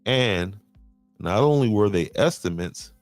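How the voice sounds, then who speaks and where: Brief: deep-voiced male podcast host, dry close mic, faint music, repeats himself. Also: expressive, measured pace, no room sound. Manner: repeats words, restarts and says "okay" often. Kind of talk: explaining local county finances to viewers.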